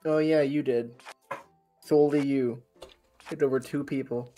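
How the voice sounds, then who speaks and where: Deadpan male gamer, mid-pitched, over faint game music. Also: a little slow. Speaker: friend playing along. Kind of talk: casual gameplay chat.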